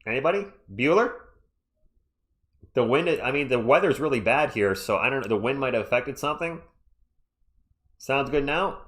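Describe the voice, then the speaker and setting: A man doing live fan play-by-play from home on his own mic, excitable and chatty, breaking off to talk to his chat. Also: medium pitch, normal speed, long pauses. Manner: excitable, chatty, jumps between game calls and asides to chat. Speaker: livestream play-by-play commentator. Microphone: own microphone.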